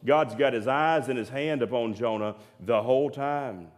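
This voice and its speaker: An earnest pastor delivers a sermon in a church sanctuary, speaking at normal speed with a mid-pitched voice. He repeats words and drops to quiet emphasis.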